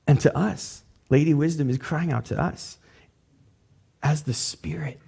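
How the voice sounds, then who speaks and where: A man's voice: on the high side, measured pace, creaky, mellow, slightly rough. A man pastor preaching a sermon in a loose, conversational way, dropping casual fillers.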